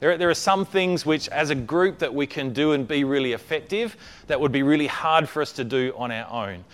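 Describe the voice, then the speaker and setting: A man's voice: a little high, fairly quick, fairly bright tone. A man preaching a conversational sermon, often checking in with his listeners and repeating words as he builds a point.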